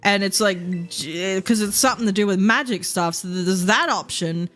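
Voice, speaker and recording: A young woman livestreaming a game, chatting casually and thinking out loud in a rambling, easygoing way. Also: medium pitch, moderate pace. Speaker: streamer. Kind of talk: casual gameplay chat while livestreaming.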